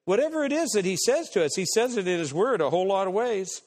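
A man preaching with an emphatic voice that sits fairly high and swings from loud rising lines to hushed drops. He quotes scripture and acts out imagined voices. The sound carries a long reverb from a church hall. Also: animated, fast, hardly any pauses. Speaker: pastor. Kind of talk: sermon.

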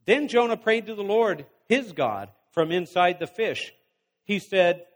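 A man's voice: sits high, lively intonation, long reverb tail. A man preaching a sermon, reading scripture aloud and stopping to exhort his listeners. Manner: reads scripture then pauses to exhort the congregation.

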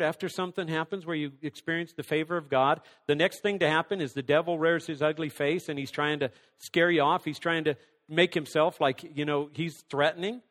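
In a large hall, a pastor with a fairly high, slightly bright voice delivers a sermon. After reading scripture aloud he goes through numbered points, at times sinking nearly to a whisper.

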